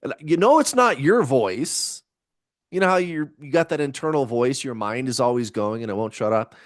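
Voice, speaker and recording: A man's voice: medium pitch, expressive, normal speed, no room sound. Laid-back rambling man, dry sound. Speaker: spiritual vlogger. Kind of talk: casual chat to camera.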